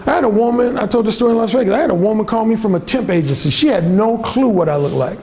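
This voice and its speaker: A high-voiced man speaks to a seminar audience, his tone blunt and emphatic. His voice has a gravelly, fried edge, and a faint hiss sits underneath. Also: expressive, quick pace, a little mellow. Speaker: workshop speaker. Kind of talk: seminar presentation. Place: conference room.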